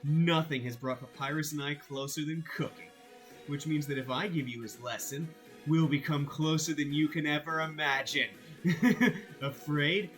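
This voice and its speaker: A man reading a game aloud while voicing a brash, hot-headed female fish warrior captain in a loud, blunt way. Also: fairly high pitch, fairly even intonation, moderate pace, faint music behind, close to an everyday voice, rough recording. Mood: fired up. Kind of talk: reading game dialogue aloud on a live stream.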